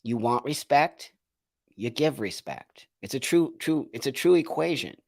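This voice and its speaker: A man's voice: mid-range voice, lively intonation, measured pace, gravelly, darkish tone. Indignant man ranting on a livestream. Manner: emphatic, repeats phrases for effect. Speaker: host of a live show. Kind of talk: livestream commentary, reading viewer comments.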